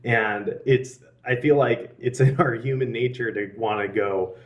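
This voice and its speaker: A man's voice: medium pitch, unhurried, recorded from a distance, highs cut off. A young man telling a personal faith story in a casual, earnest way, with frequent laughs and restarts. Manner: earnest, laughs often, many fillers and restarts. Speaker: interviewee.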